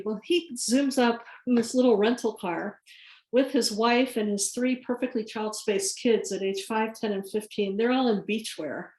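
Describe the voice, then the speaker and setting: A woman's voice: on the high side, moderate pace. Woman telling a career story, echoey room. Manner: lively anecdotal storytelling with laughs. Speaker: guest speaker. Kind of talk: career story told to an audience.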